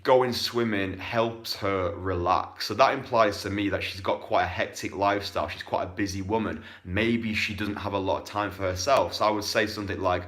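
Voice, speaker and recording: A young man coaching on dating in a blunt, profane, casual monologue, with bursts of quick talk. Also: on the low side, fairly even intonation, fairly bright tone.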